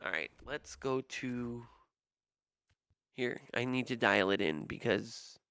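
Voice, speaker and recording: Streamer, young man, gravelly voice, dry close sound, profane exasperated storyteller. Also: medium pitch, lively intonation, takes it slowly, sharp tone, no echo. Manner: profane, exasperated ranting with mock-quoted voices. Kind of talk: casual livestream storytelling rant.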